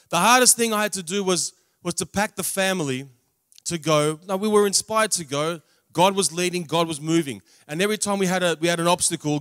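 Male preacher with a fairly high voice, dramatic emphasis and wry humor. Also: no echo, clean studio sound. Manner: dramatic swings in loudness, drawn-out emphatic words; humorous asides. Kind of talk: testimony sermon. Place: large camp meeting venue.

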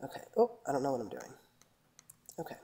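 A woman's voice: extremely low pitch, huge pitch swings, fast talker, mellow, slight background noise. A woman giving casual, rambling gameplay commentary and chatting with her viewers as she plays. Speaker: gaming channel host.

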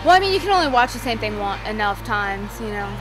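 A woman's voice: mid-range voice, sing-song, fast talker. A woman answering interview questions in a casual, offhand way.

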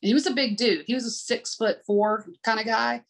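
A woman's voice: on the high side, steady tone, brisk, vocal fry. A woman working as an adaptive sports swim coach, telling candid, heartfelt stories in an interview. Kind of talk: conversational interview storytelling.

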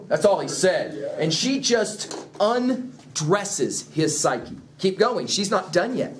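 A middle-aged man giving an emphatic classroom lecture on a play, animated and quick to chuckle as he explains. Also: sits high. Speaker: literature teacher.

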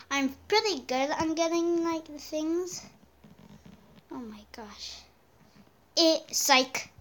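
A woman giving casual gameplay commentary, taunting other players and swinging between loud yelps and murmured asides. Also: high voice.

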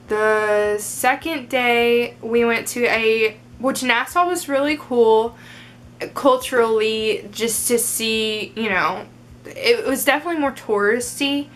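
A young adult woman vlogger, her voice a little high and a bit bright, chats casually in a get-to-know-me Q&A video. She's upbeat and packs her speech with fillers like "um" and "like," with slight background noise.

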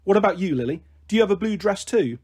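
A man's voice: high voice, expressive, fast, darkish tone, slightly rough, voice pushed up. A man voicing a small, eager little girl who pleads and asks lots of questions in a storybook reading. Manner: wheedling, childlike questions.

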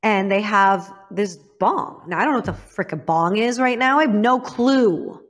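A woman's voice: medium pitch, expressive, unhurried. A woman from Illinois, a guest in an interview, telling a frank personal story and often calling herself out. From Illinois, United States. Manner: frank, self-critical, acts out others' lines.

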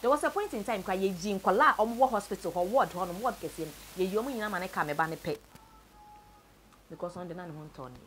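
A Ghanaian woman telling a sad story from her own life, mixing Twi and English, her voice often sinking low and quiet. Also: quick pace, slight background noise. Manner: tells a sad story, switches between Twi and English, voice sinks low and soft. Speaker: interviewee. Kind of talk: personal story told to camera.

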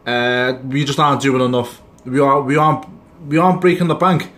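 A man's voice: medium pitch, a little fast, a bit bright. A man ranting angrily about his football team in a reaction video, swearing and rambling as he vents his frustration. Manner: angry, swearing, rambling rant. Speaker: sports fan vlogger.

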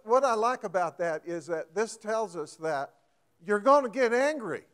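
A man's voice: high-pitched, expressive, slow pace. A man preaching a folksy sermon, often asking the congregation questions and getting emphatic.

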